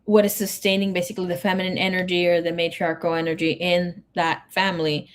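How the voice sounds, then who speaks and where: A woman's voice: lowish voice, little pitch movement, quick pace. Chatty woman tarot reader on a live stream. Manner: chatty, reads viewer comments aloud, slips into Spanish words. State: emotional, grieving. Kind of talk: casual live-stream chat.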